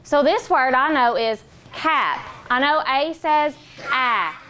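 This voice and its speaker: A young woman teaching a phonics lesson in a classroom, patient and encouraging, sounding out words slowly. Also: sits high, animated, pushed and bright, a little hiss or hum.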